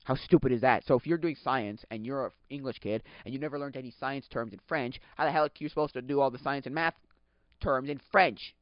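A man's voice: mid-range voice, fairly quick, dry recording. Rambling young man, dull dry podcast audio. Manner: rambling, self-correcting, exasperated rants. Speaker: podcast host. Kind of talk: casual chat. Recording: dull lo-fi sound.

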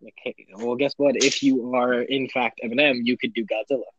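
A man's voice: medium pitch, fairly even intonation, moderate pace, a bit bright, muffled recording, a little hiss or hum. A young man in casual chat, teasing his friends with exasperated remarks and laughing a lot.

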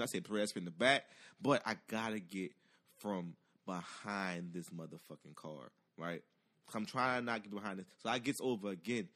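Excitable man telling a profane story. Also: lowish voice. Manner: profane, excitable, acts out voices with loud outbursts. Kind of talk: animated storytelling.

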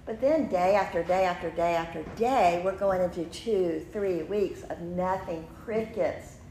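A woman in her fifties, a podcast host, telling a personal story in an animated way, laughing often and acting out what people said. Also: lowish voice, measured pace. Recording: roomy room with faint noise.

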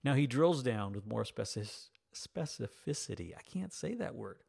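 A man's voice: lowish voice, gravelly. A man in his fifties, a pastor delivering a sermon, reading scripture and breaking into folksy, self-teasing asides.

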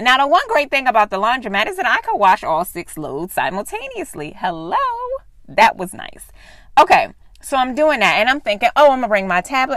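A woman's voice: high voice, fairly bright tone, no echo, studio quality. A woman podcast host telling a rambling personal story in casual, profane speech with lots of asides.

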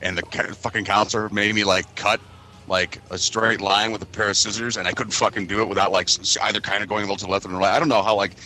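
A man with a Midwestern American accent co-hosting a casual podcast, telling a profane childhood story with falsetto impressions. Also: little pitch movement, bright, forceful tone, a little hiss or hum. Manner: profane, quick asides, acts out his mother in falsetto. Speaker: podcast co-host.

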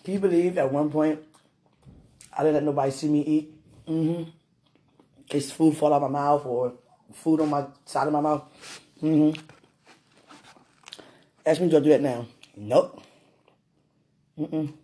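A man chatting affectionately at home while eating, soft-spoken and often murmuring, in a casual intimate vlog. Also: fairly high pitch, fairly even intonation, unhurried, long pauses, slightly rough.

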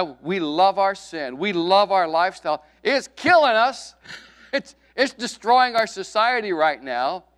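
A middle-aged man preaching a sermon with emphasis, his voice rising loud and dropping to a hush, with folksy asides. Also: on the high side, smooth. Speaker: pastor.

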